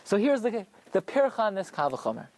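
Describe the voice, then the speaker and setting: Male Torah teacher with a lively, swooping delivery, leading a classroom lesson through question and answer. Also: high-pitched, fairly quick, a little hiss or hum. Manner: explains through rhetorical questions and answers them himself.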